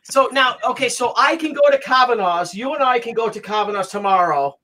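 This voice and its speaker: Bright-voiced excitable man hosting a call. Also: very high-pitched, a little fast. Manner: excitable, stammers and repeats words. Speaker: host. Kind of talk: casual video-call chat.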